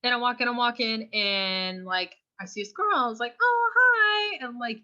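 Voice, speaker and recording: A woman's voice: a little high, fairly even intonation, a little fast, sharp tone. A young adult woman co-hosting a podcast, telling a rambling anecdote full of fillers in casual chat. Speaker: podcast co-host. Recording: slightly dull lo-fi mic.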